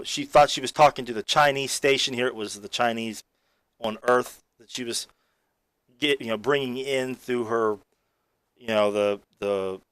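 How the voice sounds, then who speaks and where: A man giving a casual, excitable spoken film review, rambling with many fillers and restarts. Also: mid-range voice, clear, resonant tone, no echo.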